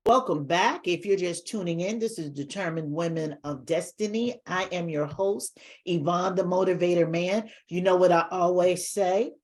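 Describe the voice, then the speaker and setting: Woman talk show host, slightly low voice, upbeat, talks straight to the audience. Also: normal speed, hardly any pauses, a little mellow. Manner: upbeat, addresses viewers directly.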